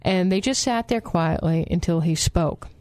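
A woman co-hosting a casual Bible study discussion, talking in an animated way and acting out quotes. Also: moderate pace. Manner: animated, acts out quotes with pitch jumps, laughs often.

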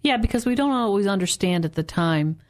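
A woman co-hosting a casual Bible study discussion, calm and reflective. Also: medium pitch, a little fast. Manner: calm and reflective, agreeing with short murmurs.

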